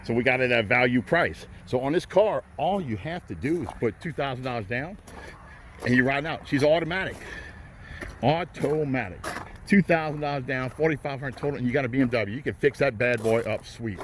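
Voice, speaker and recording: Man, car dealer, mid-pitched, folksy hype pitch, outdoor lot with faint background noise. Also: a little fast. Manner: folksy, hypes deals, repeats "riding out" and "folks". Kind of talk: walk-around car sales pitch.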